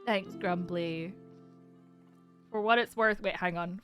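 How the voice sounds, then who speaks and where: A woman streamer with an expressive mid-range voice chats casually with her audience, speaking slowly with long pauses over soft background music. She's emotional and teary, close to crying, yet laughs often as she reads chat aloud.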